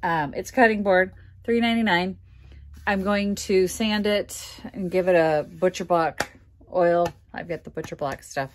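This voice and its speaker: A middle-aged woman from Minnesota telling a casual vlog story in a chatty, exasperated, animated way. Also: fairly low pitch, a little slow. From Minnesota, USA. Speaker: vlogger.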